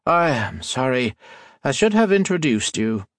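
A man voicing a stern, commanding woman submarine captain with a slight unfamiliar accent, in formal, measured speech. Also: medium pitch, very animated, no echo, clean studio sound, voice pushed up.

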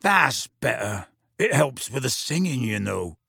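A man voicing a gruff, battered giant gamekeeper in an audiobook, with slow, rough, rustic speech. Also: medium pitch, sing-song, sharp tone, no echo, studio quality, exaggerated voice. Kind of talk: audiobook reading.

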